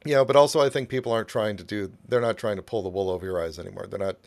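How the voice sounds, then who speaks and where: A man co-hosting a casual chat show, relaxed and rambling with fillers. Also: on the low side, racing, vocal fry. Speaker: co-host.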